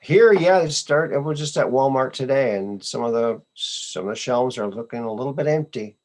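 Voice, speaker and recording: A man hosting a casual chat show, relaxed, greeting viewers and trading corny old one-liners. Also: mid-range voice, normal speed. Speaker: host.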